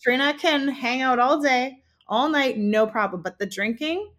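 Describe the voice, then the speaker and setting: A woman co-hosting a casual wedding-advice chat, friendly and quick to laugh as she gives direct, practical tips. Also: high voice, fairly bright tone. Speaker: podcast co-host, wedding planner.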